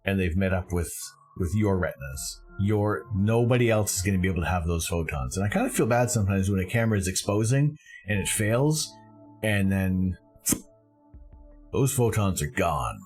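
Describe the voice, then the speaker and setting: Deep-voiced Canadian man hosting a live stream. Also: animated, moderate pace, a little mellow, faint music behind. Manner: enthusiastic, rambling, self-correcting. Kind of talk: casual live-stream commentary.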